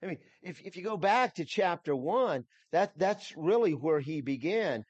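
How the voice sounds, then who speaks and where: A man's voice: high voice, expressive, normal speed, breathy edge, dry recording, muffled recording. A man preaching an expository sermon, emphatic and repeating himself, with frequent restarts. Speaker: pastor.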